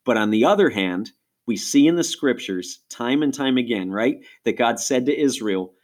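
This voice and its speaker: A middle-aged man from Rochester, New York, explaining in a podcast conversation with animated asides. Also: mid-range voice, moderate pace. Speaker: ministry guest speaker.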